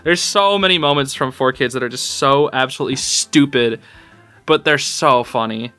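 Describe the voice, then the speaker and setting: Bright, excitable male podcast host. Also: medium pitch, moderate pace, clean tone, soft background music. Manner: excitable, rambling, laughs often. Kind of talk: casual podcast chat.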